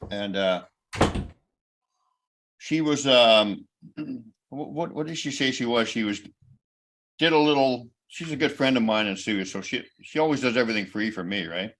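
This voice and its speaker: A man's voice: medium pitch, moderate pace, pauses often, fairly bright tone. A man hosting a casual talk show, rambling and joking while he searches for words. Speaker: host. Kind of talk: casual chat.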